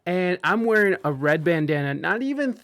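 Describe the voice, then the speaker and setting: Man, high voice, loose rambling storyteller, profane and full of restarts. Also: very animated, normal speed, fairly bright tone. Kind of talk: casual storytelling chat.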